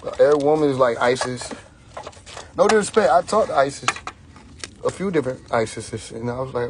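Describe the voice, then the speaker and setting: A man's voice: mid-range voice, expressive, brisk, pauses often, noisy background. A young man hosting a casual live stream, mocking and profane, often breaking into laughter.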